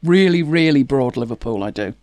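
A woman's voice: very deep voice, lively intonation, fairly quick, a little mellow, no room sound. A woman, co-hosting a casual chat and telling stories with laughing asides. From northern England. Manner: chatty storytelling, lots of laughing asides. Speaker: co-host.

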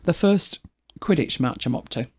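This low, animated voice is a little mellow with a breathy edge, at a moderate pace. It belongs to a middle-aged Manchester woman with a mild accent who hosts a casual chat, rambling, laughing frequently and reading listener comments.

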